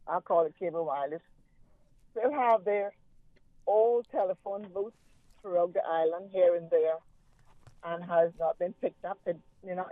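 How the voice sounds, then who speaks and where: A man calling in to a radio show, talking in a relaxed, rambling way with many fillers. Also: sits high, no echo. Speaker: caller. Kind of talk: casual phone-in chat. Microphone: telephone. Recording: tinny phone line.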